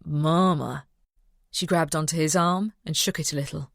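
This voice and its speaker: A woman narrates an audiobook in a low voice, steady and even. She sits close to the mic, and the recording is very dry with no room sound. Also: a little fast, no room sound. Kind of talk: scripted narration.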